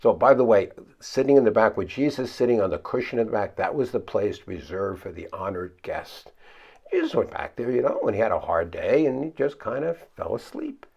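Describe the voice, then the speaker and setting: A male pastor talks through his sermon in a low, gravelly voice that climbs and drops a great deal as he asks his listeners questions. He puts on high, pleading voices for the frightened disciples, and the recording sounds dull and lo-fi. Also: animated, brisk, a little mellow. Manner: conversational, asks the listeners questions and answers them himself.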